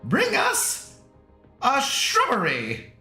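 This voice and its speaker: Brief: theatrical British knight put on by a man, bad put-on British accent, lively swoops, faint music behind. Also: extremely slow, exaggerated voice. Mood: hammy. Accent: put-on British English. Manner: high, theatrical, hammy. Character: assorted pompous British knights and peasants, male. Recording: echoey room with faint music.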